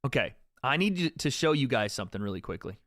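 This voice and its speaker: A man's voice: mid-range voice, sing-song, quick pace, fairly bright tone, no room sound, clean studio sound. A young man hosting a livestream, joking and swearing casually as he talks to his chat. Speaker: streamer host.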